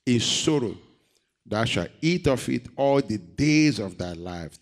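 A man's voice: lively intonation, slow pace. Fervent male preacher with big swings in volume. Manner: swings between loud, high-pitched emphasis and quiet, low delivery; asks the congregation rhetorical questions. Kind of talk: sermon reading and expounding scripture.

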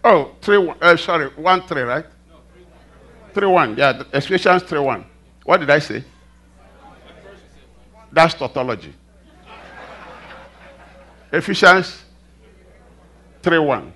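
A male preacher delivering a sermon, animated, throwing rhetorical questions at the congregation. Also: a little high, slow pace, pauses often.

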